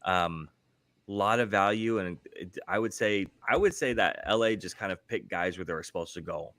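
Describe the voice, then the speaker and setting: A man co-hosting a podcast, chatting casually about football picks, relaxed and rambling with plenty of fillers. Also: low voice, normal speed, no room sound. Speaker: podcast co-host. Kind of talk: casual sports chat.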